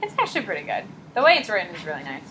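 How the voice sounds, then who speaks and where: A young woman teaching high school psychology in a classroom, chatty and animated, often saying "like" and "uh". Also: racing, rough recording. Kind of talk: casual classroom lecture.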